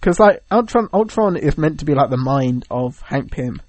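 A young man with a slightly high voice talks in casual chat, rambling and piling up "like"s as he spins out his stories. The sound is dry and close, with no room around it. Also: normal speed, no room sound. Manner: rambling, animated storytelling with many "like"s.

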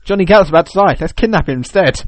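A chatty man with a slightly higher voice rambles through a casual gaming chat, joking and playing out small scenes as he goes. His voice is close and dry, with no room sound. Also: expressive, fast, no room sound. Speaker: podcast co-host. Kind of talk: casual chat about video games.

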